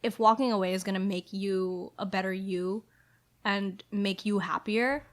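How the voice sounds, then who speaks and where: A woman's voice: mid-range voice, steady tone, a little slow. A young woman in her twenties co-hosting a casual chat podcast, playful, with jokey asides as she sums things up. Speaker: podcast co-host.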